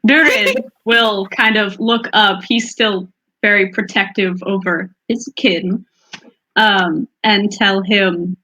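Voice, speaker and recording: Brief: woman player, bright tone, slow hesitant delivery. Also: medium pitch, fairly even intonation, rough recording. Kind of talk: describing her character's actions.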